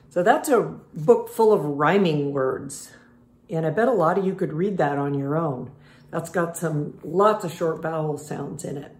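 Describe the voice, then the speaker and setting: An older woman reads a children's storybook aloud slowly and patiently, then explains letter sounds like a kindly teacher. Her voice sits a little low. The room around her is echoey. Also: darkish tone, a little hiss or hum. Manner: slow, patient storybook reading with animal sounds. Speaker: reading teacher. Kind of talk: children's phonics lesson and read-aloud.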